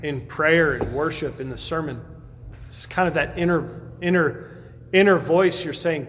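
A man's voice: a little high, measured pace, a bit bright. A male pastor preaching in a conversational way, often repeating words as he answers questions. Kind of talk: sermon with Q&A. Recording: reverberant hall with faint background noise.

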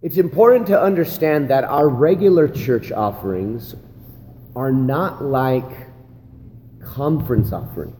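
A man's voice: mid-range voice, expressive, a little slow, dark tone. Man teaching in a reverberant hall. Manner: conversational, repeats "right?" and "again". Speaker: pastor training other pastors. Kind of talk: church leadership teaching talk. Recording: long hall reverb, faint ambient noise.

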